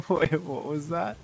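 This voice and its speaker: Slow-talking laughing man. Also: fairly high pitch, gravelly, noisy background. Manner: amused, laughing, easygoing. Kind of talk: casual reaction chat.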